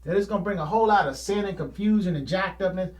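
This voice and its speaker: Man host, high voice, folksy plain talk, rambling, laughs easily. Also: fast. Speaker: painter hosting his own show. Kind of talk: casual rambling monologue.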